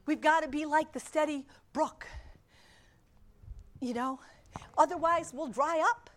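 A woman's voice: sits high, a bit bright. A middle-aged woman preaching a sermon to a congregation, emphatic and repetitive, with chatty asides. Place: church before a congregation.

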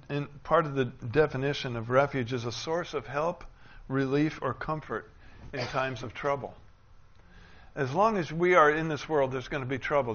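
Bright-voiced preaching man, lo-fi. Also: mid-range voice. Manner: preaching, with rising, emphatic declarations and quick asides. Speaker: pastor. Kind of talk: sermon.

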